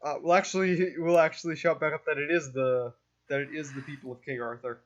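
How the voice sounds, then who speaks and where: A man narrating a tabletop game as game master, pausing and restarting with fillers as he describes the scene. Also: a little high, steady tone, highs cut off. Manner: hesitant, halting narration with fillers.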